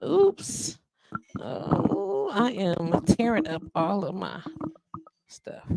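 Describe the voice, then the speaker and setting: A woman hosting a live internet radio show in casual chat. She is sassy and animated, and she acts out the people she talks about in quoted voices. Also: fairly low pitch, slow pace, gravelly, a little hiss or hum.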